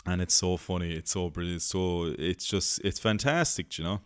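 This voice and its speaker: A man's voice: low voice, normal speed, smooth, dry recording, studio quality. A male podcast host rambling in casual chat, laughing easily and swearing freely.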